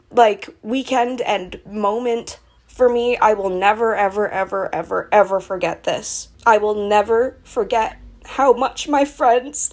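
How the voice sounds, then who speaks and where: A woman's voice: mid-range voice, measured pace. Candid woman vlogger telling a story. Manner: candid, emotional, frequent "like" fillers. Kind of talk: casual storytelling narration.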